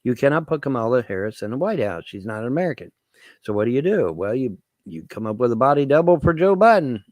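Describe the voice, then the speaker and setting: A man's voice: mid-range voice, sing-song, fast, a little mellow, dry recording. A man ranting to his viewers as a vlogger, swearing, repeating himself and asking rhetorical questions. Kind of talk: rambling political rant to camera.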